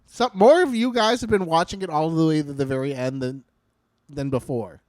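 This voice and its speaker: A young man with a somewhat high, slightly mellow voice talks at a normal speed while co-hosting a podcast. The casual chat is full of jokes, rambling, and frequent swearing.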